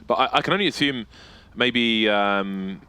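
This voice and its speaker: A man's voice: medium pitch, measured pace, sharp tone, clear, resonant tone. A man commentating an esports match play by play, with jokes and banter between the calls.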